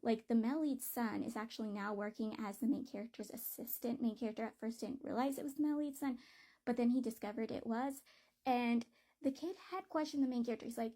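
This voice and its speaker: A woman's voice: fairly high pitch, brisk, dark tone. A woman giving a casual book review, talking bluntly and with plenty of swearing and exasperation.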